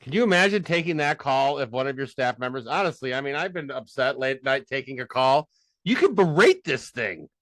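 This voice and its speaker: A man's voice: mid-range voice, animated, a little fast, fairly bright tone, dry recording. Chatty self-mocking male tech instructor. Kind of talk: casual screen-share lesson.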